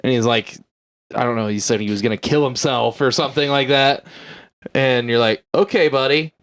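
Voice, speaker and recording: A man's voice: mid-range voice, steady tone, moderate pace, fairly bright tone. A man co-hosting a podcast, chatting casually and joking as he tells a story. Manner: jokey, acts out quoted characters. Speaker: podcast co-host. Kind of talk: casual chat.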